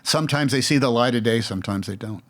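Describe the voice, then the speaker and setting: A man's voice: medium pitch, quick pace, a bit bright. A man in his sixties with an American accent, telling stories in a casual interview, rambling with restarts and mimicking other voices. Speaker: actor, interview guest.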